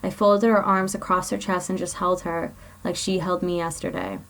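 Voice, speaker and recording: A woman's voice: lowish voice, little pitch movement, normal speed, fairly bright tone. A woman blogger reading her own personal story aloud in an earnest, confessional way.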